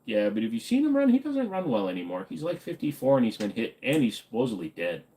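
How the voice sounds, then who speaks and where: A man's voice: mid-range voice, huge pitch swings, fast, warm tone. A man hosting a casual livestream, reading chat questions aloud and answering them in an offhand, joking way. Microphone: desk microphone.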